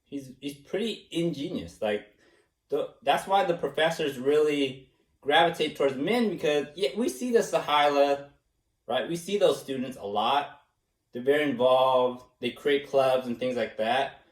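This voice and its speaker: A man being interviewed, speaking casually, animated and self-mocking, laughing often and slipping into impressions. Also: medium pitch, a little slow. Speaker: interviewee, former student. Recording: echoey room, mic at a distance.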